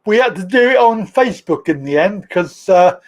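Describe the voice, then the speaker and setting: A man's voice: high voice, lively intonation, moderate pace. A man hosting a live call-in stream, chatting casually with callers, with plenty of fillers and laughs. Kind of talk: casual chat.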